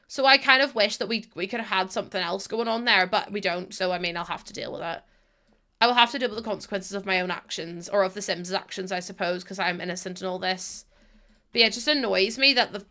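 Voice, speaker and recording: A young woman on Twitch streams a building game, chatting casually with her viewers as she plays. Her mid-range voice is bright and forceful, and she's chatty, swearing and laughing a lot while talking to chat.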